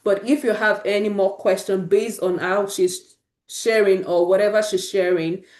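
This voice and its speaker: A woman's voice: mid-range voice, steady tone, normal speed, a little mellow. A woman hosts an online session over a video call, her tone upbeat and encouraging. Her voice carries a roomy echo. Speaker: host.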